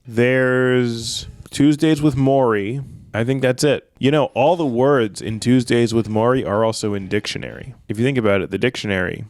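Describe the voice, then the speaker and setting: A man co-hosting a comedy podcast, riffing in casual banter and jumping into loud shouted character bits. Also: medium pitch, moderate pace, no room sound, studio quality.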